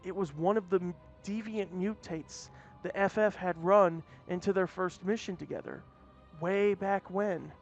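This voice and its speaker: A man with a high voice reads a story aloud in a casual manner, often stumbling and restarting mid-phrase. The recording sounds muffled and lo-fi, with faint music in the background. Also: vocal fry. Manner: plain reading with frequent restarts. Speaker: story reader. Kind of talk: casual read-aloud narration. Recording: dull lo-fi audio, faint music.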